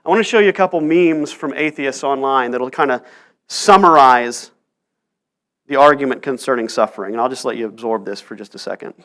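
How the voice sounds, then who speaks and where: A man's voice: medium pitch, fairly quick, a bit bright. A male pastor preaching a sermon in church, telling stories earnestly and pressing rhetorical questions. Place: church sanctuary.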